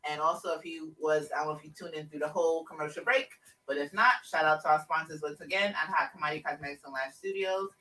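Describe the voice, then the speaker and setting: Woman, podcast host, casual chat, excitable, bright edge. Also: deep voice, fast, few pauses, distant mic, low-quality recording. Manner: loud and excitable, swearing freely.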